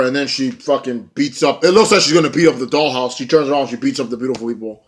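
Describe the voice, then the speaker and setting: A man's voice: medium pitch, fast talker, few pauses, a little hiss or hum. A young man giving a casual wrestling show review, blunt and profane, ranting and mocking.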